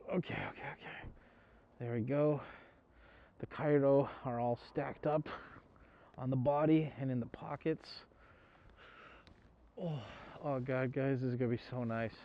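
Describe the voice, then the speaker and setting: A man vlogging a rainy motorcycle trip in a loose, chatty way, swearing freely and talking to the camera while soaked and chilled. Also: medium pitch. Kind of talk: casual vlog talk to camera. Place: outdoors on a motorcycle and inside a convenience store. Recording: dull lo-fi audio with wind and road noise.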